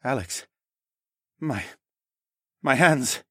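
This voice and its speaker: A man's voice: medium pitch, expressive, extremely slow, sharp tone, dry recording, studio quality, voice pushed up, exaggerated voice. A man doing a wry, weakened rogue. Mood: weak. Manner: weak and thready, then wry. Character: wry young roguish man, injured and exhausted.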